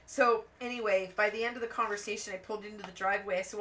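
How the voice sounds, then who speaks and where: A woman's voice: mid-range voice, fast. A woman hosting a craft channel, chatting and telling rambling stories while she colors, acting out the voices of the people in them. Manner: rambling, animated anecdotes with acted-out quotes. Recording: voice a bit distant from the mic, faint background noise.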